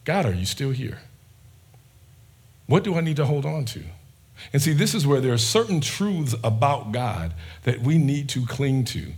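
A man with a husky, slightly rough voice preaches a sermon. He pushes hard on some lines and drops to a hush on others, speaking to his congregation as their pastor. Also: medium pitch, sing-song, moderate pace. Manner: passionate, swings from loud emphasis to quiet near-whisper.

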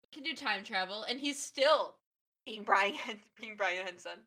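Bright-voiced woman podcast co-host. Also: mid-range voice, moderate pace. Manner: playful, deadpan joking. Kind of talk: casual podcast chat.

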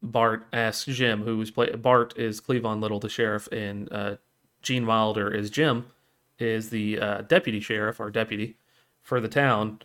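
A man co-hosting a casual podcast, retelling a film scene with lively energy and leaping into high voices for the characters he quotes. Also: normal speed. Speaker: podcast co-host. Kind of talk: casual chat.

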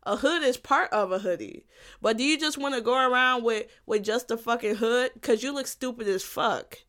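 A woman's voice: a little high, moderate pace, a bit bright. A young woman talks into her home mic for a solo podcast episode. She rants bluntly and swears freely. She circles back to repeat her points and laughs at her own lines. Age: young adult. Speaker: podcast host. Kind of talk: casual solo podcast rant.

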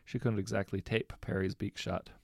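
A man narrating a fan fiction audiobook in a steady, wry storytelling manner. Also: lowish voice, moderate pace, creaky, no echo, studio quality.

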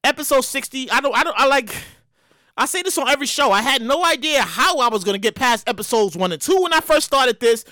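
A man hosting his own podcast, telling a story in an excitable, slangy and profane way. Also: extremely high pitch, quick pace, no room sound, studio quality. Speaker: podcast host. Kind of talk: casual comedic podcast monologue.

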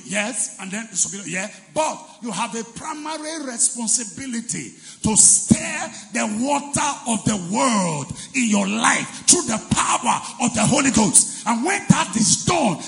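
A male pastor with a very high, gravelly voice preaches in a large church hall, his words ringing out with a long reverb. His tone is bright and forceful, and he leads the congregation in call-and-response, shouting and chanting his phrases. Soft music plays behind him. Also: lively intonation, unhurried, few pauses. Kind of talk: sermon.

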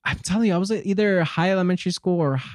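A young man co-hosting a podcast, telling a story in a rambling, animated way full of fillers. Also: high-pitched, very fast, no echo, clean studio sound. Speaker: podcast co-host. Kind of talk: casual storytelling chat.

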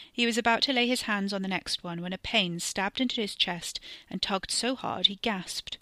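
Woman, horror story narrator, measured, slows for tension, bright tone, dry close sound. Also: medium pitch, no room sound. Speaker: podcast storyteller. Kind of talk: scripted narration.

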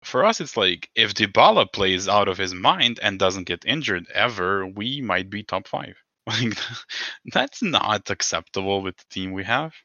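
A man's voice: lowish voice, lively intonation, unhurried, sharp tone, no echo, dull audio. A man co-hosting a podcast in casual chat, rambling and swearing, laughing often. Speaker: podcast co-host.

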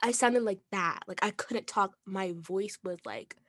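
A young woman co-hosting a podcast, telling stories in animated, giggly casual chat. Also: mid-range voice, measured pace. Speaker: podcast co-host.

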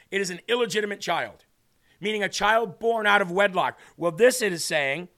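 A Midwestern man with a high voice leads a Bible teaching. He reads a verse, then unpacks it in an earnest, chatty manner, with a bright, forceful tone. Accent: Midwestern American. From Illinois. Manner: earnest, conversational, reads scripture then explains it. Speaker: host of a faith show. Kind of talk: Bible teaching with casual commentary.

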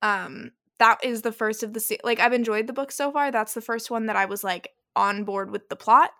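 Gravelly-voiced woman gushing about books. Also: a little high, moderate pace, a bit bright. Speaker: podcast co-host. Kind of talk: casual chat.

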